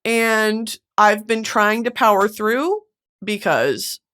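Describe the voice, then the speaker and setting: A woman's voice: mid-range voice, animated, slow, a bit bright. Burnt-out woman podcast host, near tears. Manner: earnest, emotional, swears, many "like" fillers. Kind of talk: candid solo podcast monologue.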